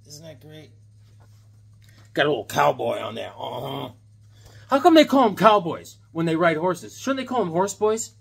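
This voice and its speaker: An enthusiastic man in his seventies talks through his comic book haul in a loose, joking, rambling way. His voice is husky and a little high for a man, and it rises and falls a lot as he gets excited. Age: 70s. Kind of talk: casual haul video chat.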